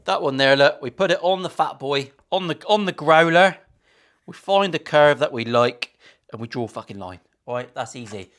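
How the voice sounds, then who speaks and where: A man's voice: mid-range voice, a bit bright. A middle-aged man, a guitar maker hosting his own workshop video, talking in sweary, self-mocking, rambling banter. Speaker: luthier and channel host. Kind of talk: casual workshop vlog banter.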